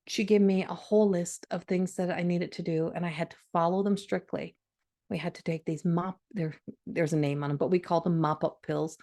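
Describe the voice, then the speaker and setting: A woman's voice: on the low side, steady tone, normal speed, warm tone. A middle-aged woman hosting a podcast, telling a personal story in an emotional, conversational way with frequent restarts. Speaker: podcast host.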